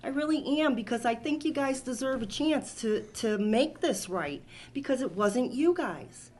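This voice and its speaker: A woman's voice: sits high, animated, a little slow, a little mellow. A woman from making an emotional, rambling public comment at a town board meeting, speaking into a podium microphone. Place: town hall meeting room.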